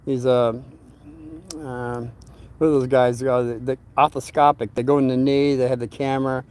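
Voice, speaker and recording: A man's voice: medium pitch, level tone, moderate pace, a little mellow, smooth. Rambling older man telling a story. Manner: rambling, repeats words while searching for them. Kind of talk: casual personal storytelling.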